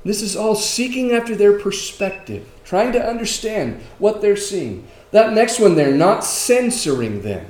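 A man preaching a sermon, moving between emphatic lines and quiet ones and asking rhetorical questions. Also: sits high, sing-song, measured pace, hardly any pauses. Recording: echoey room with faint ambience.

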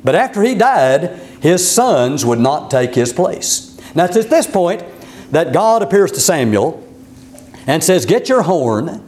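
A man preaching a sermon, telling a Bible story in an animated way and acting out the quoted lines. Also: measured pace. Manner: animated storytelling, voices quotes with raised pitch.

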